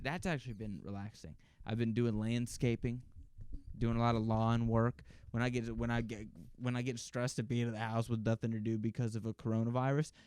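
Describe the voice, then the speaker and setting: Guy doing a solo podcast, swears a lot, rambly stories, clean smooth voice, dry sound. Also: medium pitch, darkish tone, no room sound. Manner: profane, rambling storytelling. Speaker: podcast host. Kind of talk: casual solo podcast monologue.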